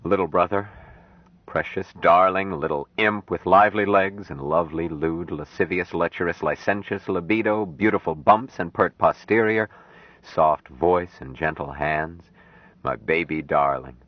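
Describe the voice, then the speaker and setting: A man reading an audiobook, voicing a calm grown man raised apart from people, speaking slowly and earnestly. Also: low voice, no room sound. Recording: dry, dull lo-fi audiobook recording.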